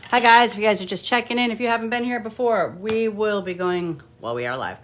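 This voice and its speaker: A woman's voice: mid-range voice, brisk, slight background noise. A middle-aged woman reading tarot cards on a live stream, chatting casually, greeting viewers by name and muttering asides to herself. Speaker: tarot card reader.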